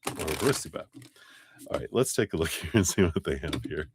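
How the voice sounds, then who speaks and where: A man's voice: a bass voice, animated, normal speed, creaky, noisy background. A man giving a live tarot reading, chatty and rambling, often breaking into laughter. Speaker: tarot reader.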